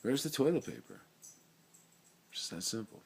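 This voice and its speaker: With a slightly rough, sing-song voice in the mid range, a middle-aged man who has a brain tumor wanders through his thoughts at normal speed. His personal monologue free-associates, leans on casual slang, and shifts between loud and quiet.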